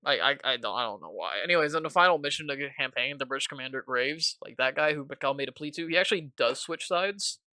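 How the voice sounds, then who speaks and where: A man talks through a casual video-essay recap with a bright, forceful voice, rambling and cracking jokes. He fills his sentences with filler words. The sound is dry and close. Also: medium pitch, expressive, quick pace, hardly any pauses, no room sound. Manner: rambling, jokey, heavy use of filler words. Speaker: student.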